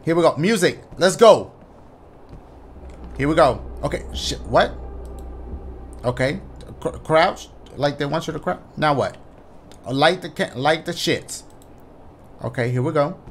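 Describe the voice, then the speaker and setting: A man giving excitable, profane let's-play commentary on a horror game and talking to his viewers. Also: a little high, unhurried, pauses often, a little hiss or hum. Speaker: gaming YouTuber.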